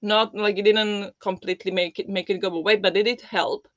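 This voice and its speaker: A livestream host chatting casually with viewers, speaking softly and holding the voice low because of a sore, swollen throat. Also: fairly even intonation, brisk, dry recording, lo-fi sound. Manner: talking softly with a held-back, lowered voice. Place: home.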